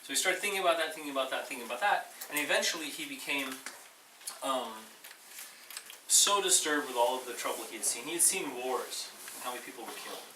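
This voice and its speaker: A man, a Buddhist minister, telling a story to a small group in a relaxed, animated way that acts out the quotes. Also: mid-range voice, quick pace. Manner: casual, animated, acting out quotes. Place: room with a small audience. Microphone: distant room mic. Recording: echoey room, far mic, background noise.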